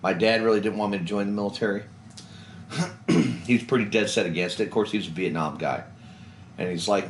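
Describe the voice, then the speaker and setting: A low-voiced Kentucky man in his forties spins a blunt, salty story about joining the service. His voice rings around an echoey room. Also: fairly quick, slight background noise. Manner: blunt, profane, swerves into animated impressions of others. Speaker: veteran interviewee. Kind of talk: casual storytelling interview.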